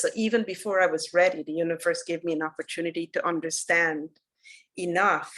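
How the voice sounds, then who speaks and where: A woman giving a dharma talk as a spiritual teacher, telling a story in an earnest, unhurried way that drops soft for solemn moments. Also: on the low side, poor audio.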